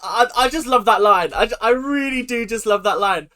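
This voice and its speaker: A woman's voice: on the high side, normal speed. A woman hosting a reaction video, ranting and laughing in casual commentary. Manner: animated and ranting, laughing often.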